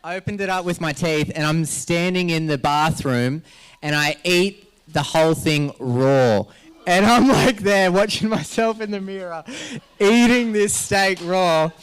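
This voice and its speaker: Measured and smooth, with a voice that sits high, the Australian MC of a health summit keeps the live event going through jokes and rambling stories, laughing frequently along the way.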